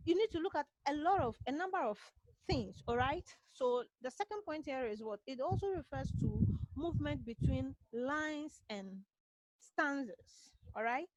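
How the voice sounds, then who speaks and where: Ghanaian woman literature teacher, high voice, repetitive call-and-answer lecturing. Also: lively intonation, moderate pace, no echo, low-quality recording. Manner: asks rhetorical "what?" questions and answers them herself; repetitive, drilling key points. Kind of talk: online class lecture. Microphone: computer mic on a video call.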